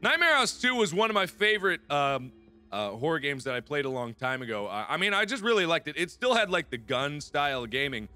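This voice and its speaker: A young man in his twenties giving excitable, jokey let's play commentary and talking to himself as he plays. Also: fairly high pitch, fairly quick, faint music behind. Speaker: gaming video host.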